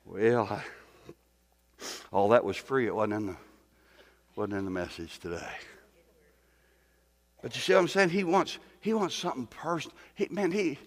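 A man's voice: mid-range voice, moderate pace, pauses often, big-room sound. A man preaching a sermon as pastor, talking in a folksy way, with rhetorical questions and stumbling repeats.

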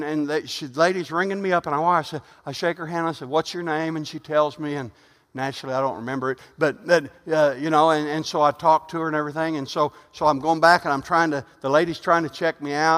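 A middle-aged man preaching in a church, his voice pitched high for a man. He shifts between hushed storytelling and loud, fervent calls. A long reverb from the hall trails every line. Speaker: pastor. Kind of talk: sermon.

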